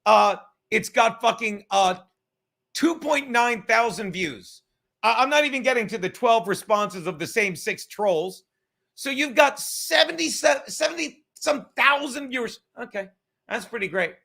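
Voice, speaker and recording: A man's voice: very high voice, animated, measured pace, gravelly, bright, forceful tone. A man hosting a comedy podcast from his apartment, ranting in a profane, mocking, sarcastic way. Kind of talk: casual sarcastic rant. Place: home apartment.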